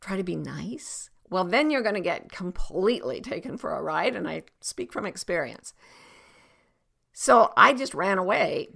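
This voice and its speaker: A woman's voice: lowish voice, sing-song, measured pace, creaky, fairly bright tone. A middle-aged woman coach giving advice on a podcast, talking expressively, acting out example exchanges and sometimes dropping to a whisper.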